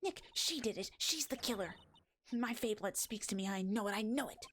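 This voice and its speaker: Woman doing an excitable young sidekick girl. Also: mid-range voice, normal speed, a little hiss or hum, lightly acted. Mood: eager.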